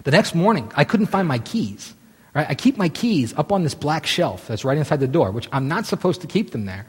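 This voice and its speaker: A man in his thirties telling a long story casually, animated and full of restarts. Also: fairly high pitch, a little fast, slightly rough. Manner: animated, many restarts and "right?" asides. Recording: long hall reverb.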